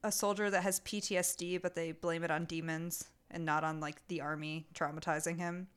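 A woman co-hosting a casual podcast, ranting in a heated, animated way. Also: fairly low pitch, a little fast, clear, resonant tone. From Italian heritage. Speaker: podcast co-host.

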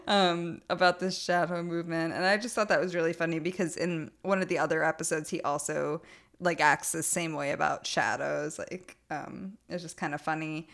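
Young woman podcaster, lowish voice, laughs a lot, says like constantly. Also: fairly even intonation, moderate pace, creaky, a bit bright. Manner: laughs often, many "like" fillers, mocking quoted voices. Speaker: podcast co-host. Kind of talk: casual chat recapping a TV show.

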